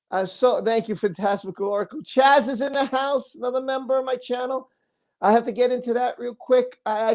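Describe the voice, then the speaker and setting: A woman's voice: fairly high pitch, gravelly, darkish tone. A woman hosting a casual livestream, effusively thanking viewers and tumbling over her words. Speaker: livestream host.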